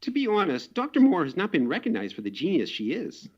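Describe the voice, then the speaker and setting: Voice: wildly swooping pitch, a little fast, breathy edge. An actor doing an indignant doctor colleague. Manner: emphatic, swings pitch widely. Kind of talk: amateur drama clip. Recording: dull lo-fi clip audio.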